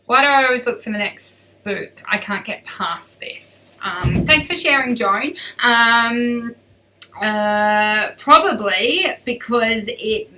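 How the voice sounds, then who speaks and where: A woman's voice: on the high side, animated, takes it slowly, bright, forceful tone, recorded from a distance, low-quality recording. A woman riding coach hosting a live stream, chatty and upbeat as she reads out and answers viewer questions.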